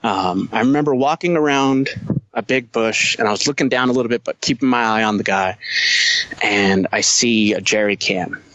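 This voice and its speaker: A man's voice: fairly low pitch, moderate pace, fairly bright tone, dry recording, dull audio. A man who is a Marine veteran, telling a war story as a podcast guest, blunt and heavy on profanity. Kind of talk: casual storytelling.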